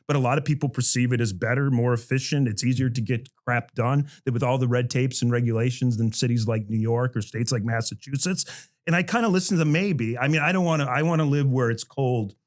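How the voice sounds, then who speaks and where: Rambling middle-aged male professor. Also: medium pitch. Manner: rambling, many restarts and asides, chuckles while talking. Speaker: history professor on a faculty podcast. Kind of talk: casual panel discussion.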